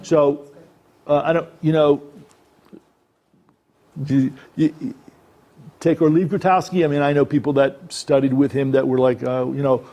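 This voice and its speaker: A fairly high, mellow male voice belongs to an acting coach giving a workshop talk in a presentation room. He discusses acting in a conversational way, pausing to check in with his listeners.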